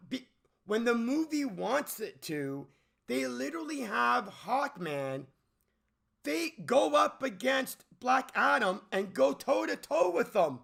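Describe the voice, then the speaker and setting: The host of a movie commentary channel launches into an unscripted rant about a film in a high, gravelly voice. He comes across bright and edgy, rambling, stammering and starting over, and he keeps firing off incredulous questions.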